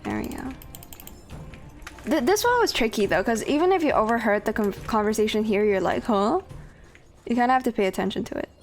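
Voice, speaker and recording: A woman's voice: fairly high pitch, animated, brisk, pauses often, faint music behind. A woman streamer chatting casually with her viewers while she plays, swearing freely. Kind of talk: casual gameplay commentary.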